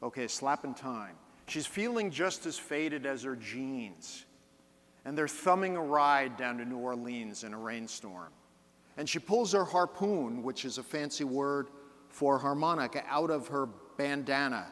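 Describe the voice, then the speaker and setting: A man in his fifties giving a storytelling keynote speech, swinging between loud bursts and hushed, slow phrases for emphasis. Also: mid-range voice, animated. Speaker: conference keynote speaker. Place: large conference hall. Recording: long reverb of a large hall.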